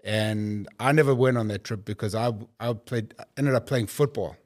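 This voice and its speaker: A man with a South African accent, a guest telling his story in a relaxed, rambling way with frequent restarts. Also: on the low side, normal speed. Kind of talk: casual conversational storytelling.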